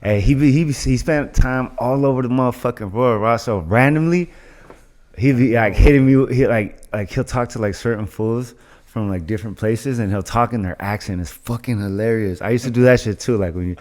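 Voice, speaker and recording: A man's voice: medium pitch, normal speed, darkish tone. A young man co-hosting a podcast in casual chat, rambling along with heavy slang and swearing. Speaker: podcast co-host and fighter. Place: studio in Las Vegas.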